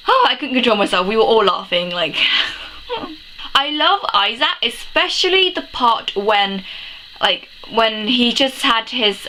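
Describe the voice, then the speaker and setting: A woman's voice: mid-range voice, pushed and bright, slight background noise, poor audio. A young woman vlogging a film review, sniffly from crying, gushing and rambling with many exclamations and laughs. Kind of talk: casual emotional film review.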